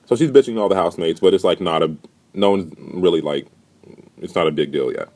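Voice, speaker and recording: A man's voice: sits low, quick pace, a little mellow. A young man giving a casual, gossipy recap of a reality show with a sarcastic, rambling manner. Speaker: vlogger.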